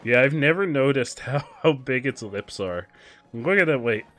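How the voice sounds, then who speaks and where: Animated young man streaming a game. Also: medium pitch, normal speed, faint music behind. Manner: excitable, shifts from mumbling asides to loud exclamations. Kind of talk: casual live-stream commentary while gaming.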